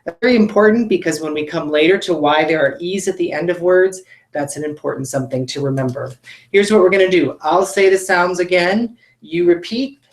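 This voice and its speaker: Woman, phonics teacher for kids; low, patient, deliberate delivery; roomy echo. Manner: slow, patient, models sounds clearly. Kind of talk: video lesson for children.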